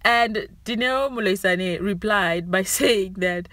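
A woman's voice: mid-range voice, takes it slowly, few pauses, a bit bright, no room sound. A young woman hosting a celebrity gossip channel, chatting casually and sounding amused. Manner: chatty and amused, often giggling.

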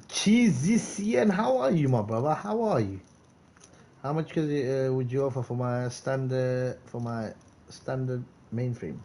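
Excitable man hyping up viewers. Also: medium pitch, unhurried. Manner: excitable, calls out viewers by name. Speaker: gaming streamer. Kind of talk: casual live-stream chat.

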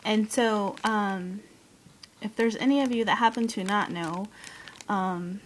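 A woman vlogger chatting casually as she unboxes a craft swap, gushing with excitement and breaking into gasps and squeals. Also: mid-range voice, takes it slowly, a little hiss or hum, low-quality recording.

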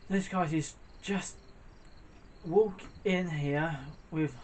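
A man commentating his own playthrough with a slightly high voice. He reacts out loud to every setback and jokes with the characters on screen. A faint hiss of noise sits under his voice. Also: drawn-out words. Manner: reactive, jokey, talks to the game. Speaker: gamer. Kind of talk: let's play commentary.

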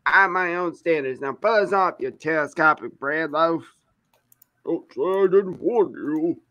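A man's voice: fairly high pitch, a little slow, sharp tone, dry recording, dull audio, pitched above the performer's own voice. A man reading his own story aloud, voicing a snooty, dismissive character in a put-on American southern accent. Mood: haughty. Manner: haughty, insulting.

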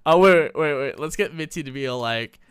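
A young adult commentating a life-simulation game in a casual, slangy, excitable way, laughing often. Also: mid-range voice, a little fast, smooth, no echo, clean studio sound. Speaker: gameplay commentator. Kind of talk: casual Let's Play commentary.

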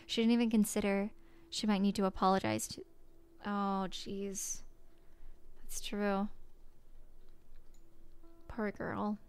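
A woman's voice: mid-range voice, little pitch movement, a little slow, vocal fry, long pauses, darkish tone, clear, resonant tone. A woman streamer reading a visual novel aloud and reacting to it with chatty, sympathetic comments. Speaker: gaming streamer.

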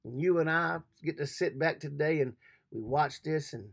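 A man with a gravelly, husky voice pitched a little high, preaching a short devotional. He talks earnestly, repeats himself and slows right down when he reads the verses aloud. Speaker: pastor. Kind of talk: sermon devotional.

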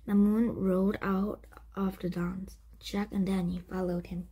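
A woman reading a children's chapter book aloud, breathy and often whispered, with frequent slips and restarts. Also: medium pitch, level tone, a little slow, dark tone. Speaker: story reader.

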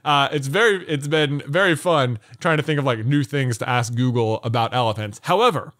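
A young father co-hosting a podcast, telling relaxed stories and acting out small exchanges playfully. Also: mid-range voice, brisk, dry recording, clean studio sound. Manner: relaxed storytelling with playful acted-out bits. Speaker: podcast co-host. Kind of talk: casual chat.

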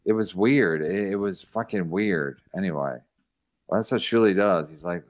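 A man's voice: deep voice, moderate pace. A man hosting a podcast in casual chat, swearing freely and stumbling over restarts. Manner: profane, stammering restarts. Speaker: podcast host.

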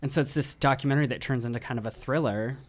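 Man, podcast co-host, casual chat, gushing, animated. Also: medium pitch. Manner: animated, gushing, quick asides.

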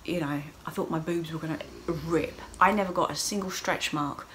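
A faint hiss runs beneath this casual video diary, where a middle-aged vlogger walks through her week. Her voice is low and warm, her tone steady and her pace moderate, and she is open, emotional and quick to laugh between lines.

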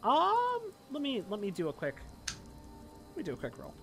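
Rambling game master with raised pitch. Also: male voice, wildly swooping pitch, normal speed, vocal fry. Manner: loose, filler-heavy narration. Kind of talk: narrating a tabletop game. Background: faint background music.

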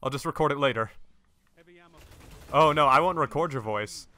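A young man hosting a gaming channel, giving excitable, jokey play-by-play commentary into a headset and swearing when he dies. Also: mid-range voice, moderate pace. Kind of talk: let's-play gameplay commentary.

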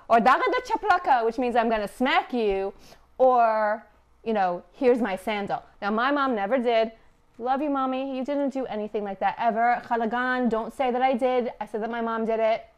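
A woman from Afghanistan hosting a casual cooking livestream from her home kitchen, chatty and wry, with a teasing humor. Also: fairly high pitch. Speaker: cooking show host. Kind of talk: casual live-stream cooking chat.

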